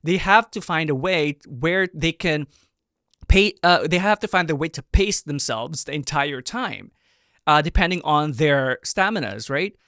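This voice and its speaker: A man in his thirties hosting a reaction video, giving casual and animated commentary with excited exclamations. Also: a little high, unhurried, no room sound, studio quality. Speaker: reaction video host, performer.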